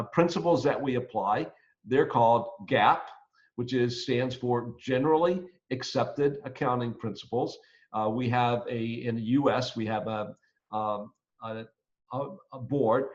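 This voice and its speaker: A man giving a casual, chatty accounting lecture as a professor, with fillers and jokes. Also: mid-range voice. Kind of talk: recorded lecture. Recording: dull, lo-fi lecture recording.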